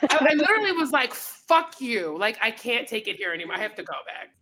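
A woman's voice: on the high side, racing, husky. A woman in her forties, a comedian guest on a podcast, telling stories and acting out quoted lines in casual chat. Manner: animated storyteller, acts out quotes.

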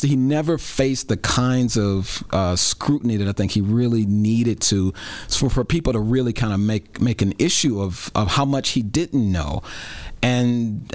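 A man's voice: medium pitch, dry recording. A man, a radio reporter and guest, talking casually about city politics in a thoughtful, hesitant way with many fillers.

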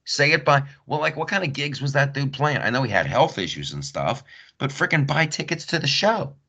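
A man's voice: mid-range voice, a little fast, slightly rough. A man hosting a podcast, a stand-up comic telling stories in a rambling, repetitive, joking way. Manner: rambling, repeats himself, animated storytelling. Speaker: podcast host and stand-up comedian. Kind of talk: casual comedic monologue.

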